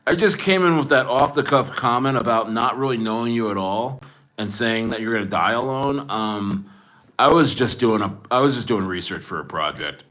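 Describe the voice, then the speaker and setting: A man's voice: mid-range voice, lively intonation, normal speed, fairly bright tone, natural voice. A man doing a whiny, mocking impression of a sheepish male chat viewer.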